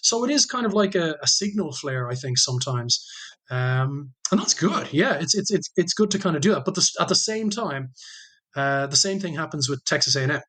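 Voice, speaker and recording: An Irish man talks quickly in a relaxed podcast chat, his voice sitting a little high. He tells rambling, self-deprecating stories full of restarts. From Ireland. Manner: chatty storyteller, many restarts and self-deprecating jokes. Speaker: guest historian. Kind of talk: casual podcast conversation.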